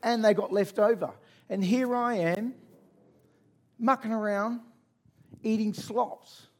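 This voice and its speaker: A man's voice: high-pitched, fairly even intonation, slow pace, pitched above the performer's own voice, heavily acted. A man voicing a remorseful, pleading young son in a retold story. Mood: regretful.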